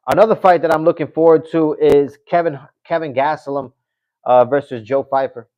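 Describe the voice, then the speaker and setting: A man with a slightly high voice hosts a casual MMA livestream on his channel, chatting with viewers, reading comments aloud, and often breaking into laughter. The recording is dry and muffled.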